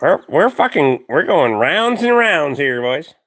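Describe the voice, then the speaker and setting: A man in his forties with a Canadian accent, hosting a live stream in excitable, stammering casual chat. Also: on the high side, unhurried. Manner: stammering, excitable, laughs a lot.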